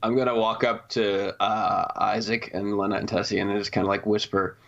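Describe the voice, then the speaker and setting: Low gravelly man player, slow and puzzled, muffled lo-fi mic. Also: flat delivery, fairly bright tone. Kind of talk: casual in-character banter. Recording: dull lo-fi mic.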